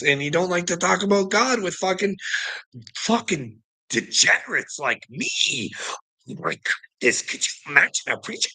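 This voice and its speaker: A man rambles through a personal grievance in a casual monologue, sarcastic and heavy with profanity. He laughs often between lines. His voice is bright and fairly high, swinging widely in pitch. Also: husky.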